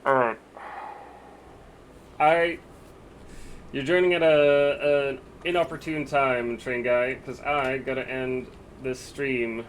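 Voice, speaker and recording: A man's voice: medium pitch, slight background noise. A man live-streaming a game, chatting casually with his viewers and thinking aloud about what to buy.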